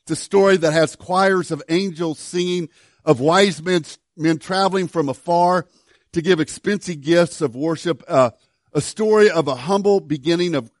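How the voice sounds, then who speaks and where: A man's voice: on the high side, no echo. An older man, a pastor, preaching a sermon in a conversational storytelling way with self-deprecating humor.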